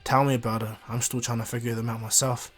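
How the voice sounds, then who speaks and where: An upbeat, joking young male ninja, voiced by a man in a casual fan-told story. He talks in a chatty, friendly way at an ordinary middle pitch. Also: flat delivery, fast talker, faint music behind, natural voice.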